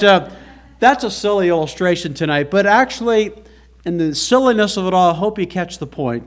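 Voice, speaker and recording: A male pastor preaching a sermon to a church congregation, earnest and folksy, with rhetorical questions. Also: on the high side.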